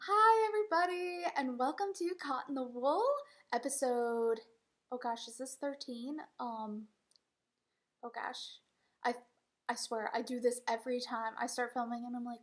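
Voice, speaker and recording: A woman's voice: fairly high pitch, moderate pace, faint music behind. A woman who runs a fiber farm, chatting casually on her podcast, rambling with lots of ums and laughing at herself. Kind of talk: casual vlog chat.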